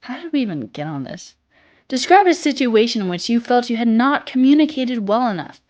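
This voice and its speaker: Young woman, soft childlike voice, a bit under the weather, casual streamer banter. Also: fairly high pitch, sing-song, a little fast, lo-fi sound. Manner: reads chat aloud, swears casually, sings snatches. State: a little sick. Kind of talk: casual chat with live chat.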